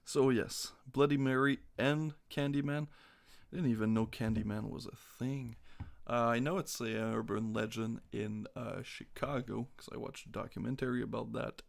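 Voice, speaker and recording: Gravelly-voiced man streaming casually. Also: medium pitch, steady tone, normal speed. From North America. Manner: crude, joking, reading quiz questions aloud while typing. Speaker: live streamer. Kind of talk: casual live-stream chat.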